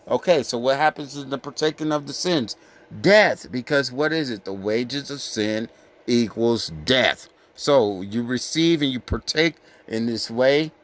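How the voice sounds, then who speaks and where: A man giving an informal sermon, reading scripture slowly and with weight, then breaking into blunt, profane street talk. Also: mid-range voice. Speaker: scripture teacher.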